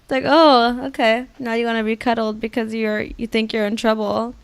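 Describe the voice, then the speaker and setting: A young woman co-hosting a podcast in casual chat, full of "like" and quick laughing asides. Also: on the high side, level tone, clear, resonant tone, dry recording. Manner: chatty, lots of "like" and laughing asides. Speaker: podcast co-host.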